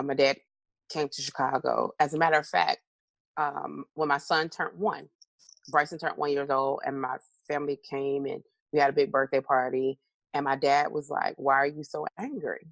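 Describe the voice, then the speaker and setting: A woman's voice: low-pitched, gravelly, no echo. A middle-aged woman guest in an interview, telling stories with animation and acting out her own replies. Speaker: interview guest, motivational speaker. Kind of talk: candid conversational interview.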